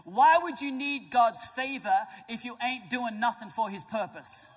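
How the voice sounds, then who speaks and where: A man preaching a sermon as pastor, emphatic and building to loud declarations, with joking asides to the congregation. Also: very high-pitched, a little slow. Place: church auditorium. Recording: large church hall with reverb and faint music.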